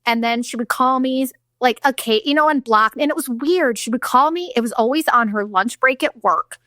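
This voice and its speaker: Bright, blunt woman telling her story. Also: a little high, normal speed, dry recording, studio quality. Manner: blunt, profane, animated retelling with acted-out quotes. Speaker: podcast host. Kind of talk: candid storytelling monologue.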